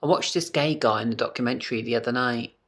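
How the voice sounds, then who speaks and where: A camp British man chats into his phone camera from home in a loose, unscripted vlog. He is animated and talkative, and drops swear words freely. His pitch sits in the middle of the male range. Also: fast. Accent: British English. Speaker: vlogger. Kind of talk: casual vlog chat to camera.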